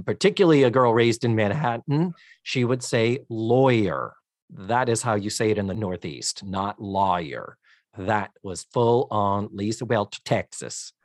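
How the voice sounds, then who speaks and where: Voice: medium pitch, no echo, clean studio sound. A podcast co-host chatting casually and with exasperation while recapping a TV episode, swearing freely.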